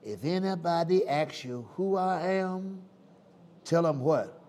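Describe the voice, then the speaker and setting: A man with a Southern accent preaching a sermon in call-and-response style, swinging from quiet asides to loud exclamations. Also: a little high, lively intonation, slow pace.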